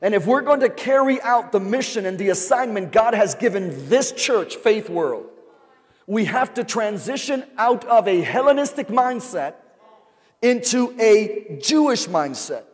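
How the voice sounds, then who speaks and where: Man, pastor, slow call-and-response sermon, long hall reverb. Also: high-pitched, lively intonation. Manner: call-and-response preaching, repeated rhetorical questions to the congregation. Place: large church sanctuary.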